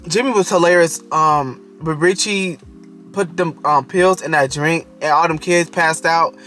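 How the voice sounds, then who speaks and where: A man's voice: fairly high pitch, a little slow, pushed and bright. A man casually reviewing a TV show in a video, talking straight to the characters and often breaking into giggles.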